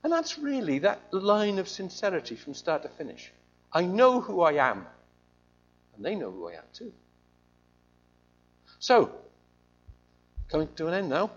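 A man preaching with a lively, highly varied delivery, his voice pitched rather high for a man. He tells the story conversationally and animatedly, and the recording sounds slightly muffled and lo-fi. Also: measured pace, pauses often. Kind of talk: sermon.

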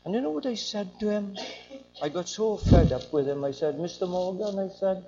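A man's voice: high voice, animated, moderate pace, dark tone. Emphatic preacher, older man. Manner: emphatic, rising and falling. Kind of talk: sermon. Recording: dull lo-fi recording.

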